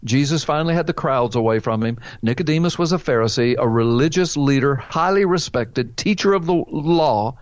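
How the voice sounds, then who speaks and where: A man preaches emphatically, quoting scripture and then asking and answering his own questions. The recording is dry and a bit muffled, with a middle-pitched voice. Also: expressive, moderate pace, hardly any pauses, dry recording. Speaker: pastor answering a caller. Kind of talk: preaching Bible teaching on call-in show.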